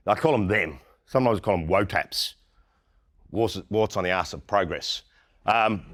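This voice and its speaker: A middle-aged Australian man giving a conference keynote talk, blunt and irreverent, often mimicking the people he mocks. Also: fairly low pitch. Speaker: keynote speaker.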